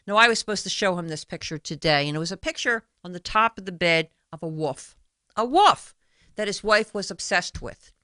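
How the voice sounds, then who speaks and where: Bright-voiced woman talk show host. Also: medium pitch, expressive, fairly quick, no room sound. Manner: chatty storyteller who retells conversations. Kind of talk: solo radio talk show monologue.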